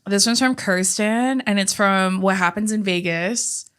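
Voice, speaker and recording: A woman's voice: mid-range voice, unhurried, a bit bright, clean tone. A woman in her twenties co-hosting a podcast in casual chat, reading listener submissions aloud and giggling between them. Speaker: podcast co-host.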